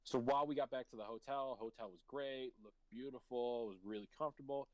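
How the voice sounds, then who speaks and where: A man's voice: medium pitch, steady tone, fast talker, no room sound, low-quality recording. A man hosting a live stream and telling casual stories, swearing freely and laughing mid-sentence. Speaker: stream host. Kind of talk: casual chat, telling anecdotes.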